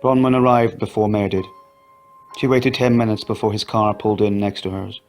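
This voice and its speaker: Man calmly narrating a ghost story. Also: fairly low pitch, a little fast, soft background music. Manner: quiet, steady storytelling. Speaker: audio story reader. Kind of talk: scripted narration.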